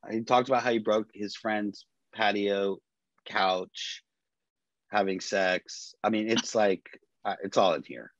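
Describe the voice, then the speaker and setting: A man co-hosting a casual podcast tells his stories in a lively way, swearing freely and acting out what people said. His voice sits fairly low. The sound is dry and a little dull, like a lo-fi recording. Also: slow, no room sound. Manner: animated storyteller, swears freely, quotes people. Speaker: podcast co-host. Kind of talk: casual chat.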